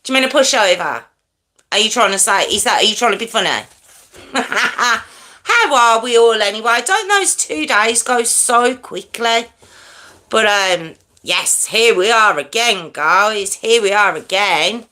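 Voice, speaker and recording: A chatty woman hosting a casual true crime livestream, talking straight to her viewers. Her voice is bright and sits a little high, and her chest sounds a touch wheezy. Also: lively intonation, a little slow. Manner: chatty, greets viewers by name, self-described loud and hyped.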